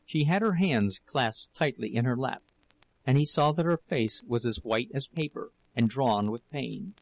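Gravelly male audiobook narrator. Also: medium pitch, rough recording. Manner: steady, measured reading. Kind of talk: scripted narration.

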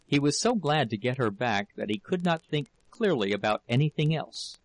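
A male audiobook narrator with a gravelly, mid-pitched voice. He tells the story at a steady, measured pace, and the recording is close and dry with no room sound. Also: no room sound, poor audio. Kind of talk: audiobook reading.

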